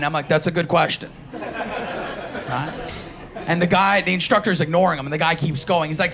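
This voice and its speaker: A stand-up from Queens with a New York accent performs live, his voice on the high side, at normal speed, with a fairly bright tone. His set is brash and profane, full of acted-out voices of the people he quotes, and the audience can be heard laughing.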